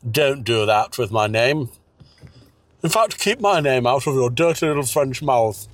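A man voicing a pompous posh gentleman who speaks in a prim, disapproving way. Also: medium pitch, lively intonation, a little slow. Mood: disdainful.

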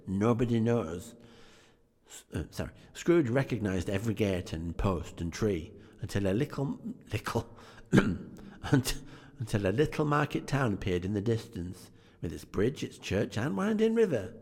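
A man reads a classic story aloud in a low, slightly husky voice. He stumbles, fixes his slips and drifts into chatty asides. A long reverb trails behind him. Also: darkish tone. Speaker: reader.

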